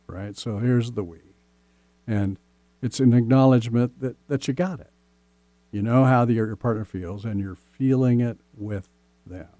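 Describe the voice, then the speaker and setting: A man hosting a relationship podcast as a coach, speaking gently and slowly, often ending points with "right?". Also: mid-range voice, lively intonation, no echo. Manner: gentle, slow, many "right?" tags. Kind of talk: casual podcast advice.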